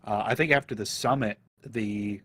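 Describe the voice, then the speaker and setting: A man guesting on a casual gaming podcast, speaking in a measured, hesitant way with frequent pauses. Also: fairly low pitch, a bit bright, slightly rough.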